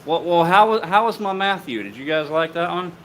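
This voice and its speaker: A man hosting a bladesmithing live stream, relaxed and joking, swearing casually as he signs off. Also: a little high, a little fast, slight background noise, low-quality recording. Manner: relaxed, joking, swears freely, many fillers.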